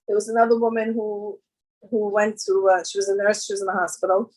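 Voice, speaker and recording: A woman's voice: mid-range voice, little pitch movement, fairly quick, darkish tone, low-quality recording. A woman giving a storytelling talk to a women's gathering, chatty and full of fillers, often jumping into livelier voices for the people in her stories. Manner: conversational, with many fillers and jumps into quoted voices.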